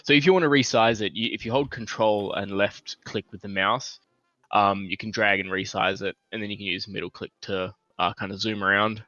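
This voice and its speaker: A young man explaining game software as game master, patient and a bit hesitant. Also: on the low side, fairly even intonation, a little fast, no echo. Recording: slightly dull, faint music.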